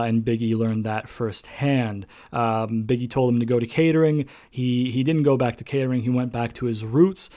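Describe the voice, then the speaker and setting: Young guy rambling thru a wrestling recap, lots of ums, swears a bunch, mid-pitched voice. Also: a little mellow. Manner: rambling, many ums and restarts, swears casually. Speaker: wrestling show reviewer. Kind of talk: casual solo recap.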